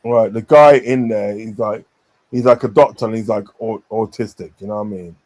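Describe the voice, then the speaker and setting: A man's voice: lowish voice, brisk, a little mellow. A man chatting casually on a stream, rambling with many fillers and repeated phrases. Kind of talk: casual chat.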